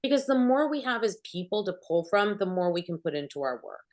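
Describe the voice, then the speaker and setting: A middle-aged woman acting coach answering panel questions, an animated storyteller who acts out bits of dialogue. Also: medium pitch, a little fast.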